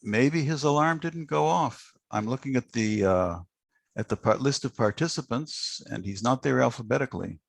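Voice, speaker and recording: A man hosting a poetry prize ceremony on a video call, joking gently and reading a poem aloud. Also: medium pitch, creaky, no echo. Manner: unhurried, gently joking, with frequent uh fillers. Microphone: video call microphone.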